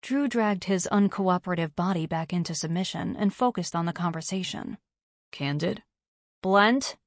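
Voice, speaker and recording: A woman narrating a romance novel in a steady, even reading. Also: fairly low pitch, a little fast, no echo, clean studio sound. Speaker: audiobook narrator.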